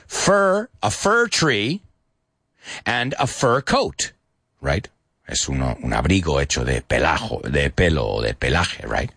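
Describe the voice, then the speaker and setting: A man teaching English pronunciation, switching between English and Spanish and repeating words slowly. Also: medium pitch, a bit bright, breathy edge, dry recording, clean studio sound. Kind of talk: bilingual pronunciation lesson.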